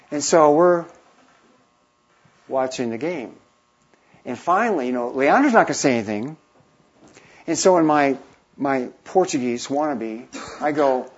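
A missionary in his fifties tells an animated anecdote, acting out the voices of the people in it. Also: fairly high pitch, slightly rough, lo-fi sound. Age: 50s. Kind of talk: storytelling talk.

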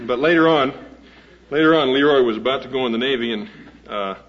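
A man's voice: mid-range voice, brisk. A man introducing a guest speaker to a live audience, telling a humorous story in a folksy, rambling way with many fillers and restarts. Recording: dull lo-fi old recording.

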